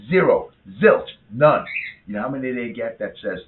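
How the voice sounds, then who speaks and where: A man's voice: medium pitch, big pitch swings. Guy in his fifties ranting, swears a lot, voice jumps all over, roomy echo, thin phone sound. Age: 50s. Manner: rambling, swearing, quick to rant. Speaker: co-host. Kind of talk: casual political chat. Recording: echoey room on a tinny phone-like line.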